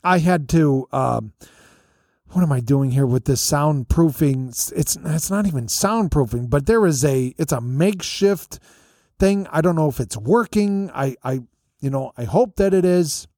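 A man hosts his podcast from a hotel room, recorded on a podcast mic with makeshift soundproofing. His voice sits a little high but sounds mellow and dark, and the dead, dry room adds no echo. He talks in a chatty, rambling, self-deprecating way. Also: expressive, a little slow. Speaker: podcast host. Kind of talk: casual storytelling monologue. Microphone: podcast mic through an audio interface.

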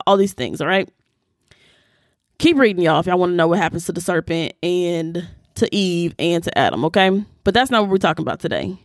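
A woman hosting a podcast, teaching scripture in a casual, animated way and talking straight to her listeners. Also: on the low side, a little fast, dry recording, studio quality.

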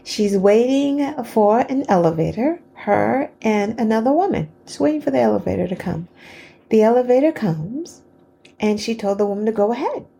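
A woman hosting a podcast, telling a story in a casual, chatty way, laughing between phrases and pausing for effect. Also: fairly high pitch, expressive, gravelly, warm tone. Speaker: podcast host.

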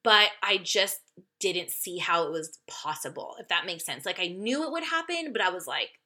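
A woman's voice: fairly low pitch, expressive, moderate pace, sharp tone. A woman hosting a podcast, telling a personal story in a candid, chatty way, swearing freely, laughing often and speaking straight to her listeners. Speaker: podcast host. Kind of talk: casual confessional storytelling.

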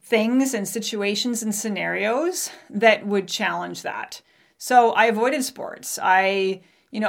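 A woman's voice: medium pitch, gravelly. A woman in her forties, a podcast host, telling a candid personal story and acting out remembered dialogue.

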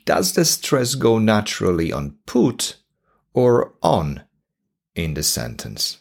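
Polish-accented male teacher, low husky voice, lively pitch, unhurried. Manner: slow and deliberate, repeating examples. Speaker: English teacher. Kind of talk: podcast English lesson.

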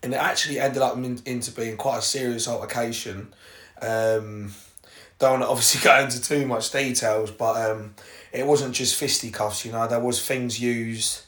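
Bright-voiced young English man, rambling. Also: mid-range voice, steady tone, moderate pace. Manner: rambling, sweary, direct address to listeners. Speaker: podcast host. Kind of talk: casual personal storytelling.

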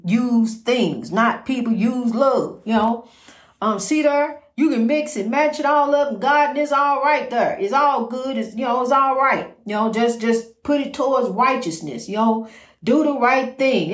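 A woman's voice: mid-range voice, roomy sound. A woman hosting her own podcast, talking in a folksy, rambling way full of "you know" while giving faith-based encouragement. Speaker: podcast host. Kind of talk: casual inspirational talk.

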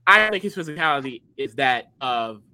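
An animated co-host who swoops up and down in pitch and talks with a bright, forceful edge. This is excitable casual chat about a reality show, full of filler "like"s. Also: normal speed, poor audio. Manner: excitable, animated, fills talk with "like".

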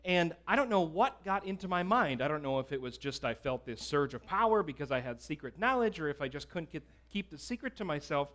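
A man's voice: on the high side, big pitch swings, a little fast, hardly any pauses, fairly bright tone. A man preaching a sermon, telling a personal story in a conversational way with casual fillers. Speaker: pastor.

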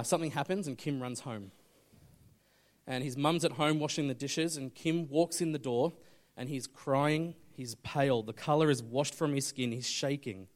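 A man preaching a sermon, telling a story and swinging between urgent loud appeals and hushed, intense moments. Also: medium pitch. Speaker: pastor.

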